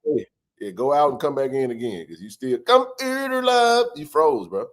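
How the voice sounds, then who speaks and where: A man's voice: medium pitch, animated, a little fast. A man hosting a live sports chat stream, joking loosely and greeting viewers by name.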